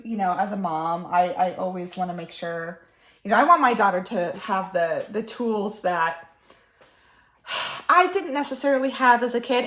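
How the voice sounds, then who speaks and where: A woman in her thirties chatting casually about her week while crafting at home, full of fillers and little laughs. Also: mid-range voice. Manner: chatty, warm-hearted storytelling with laughs and fillers. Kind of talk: casual chat. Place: room at home. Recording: roomy echo.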